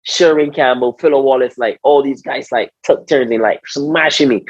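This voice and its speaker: A man's voice: medium pitch, moderate pace, slightly rough, no echo. A man with a Barbadian accent, a former cricketer being interviewed, telling stories animatedly, repeating words and acting out what people said. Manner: animated, repeats words, acts out quotes, says "bro". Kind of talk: casual storytelling interview. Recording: slightly dull, dry podcast audio.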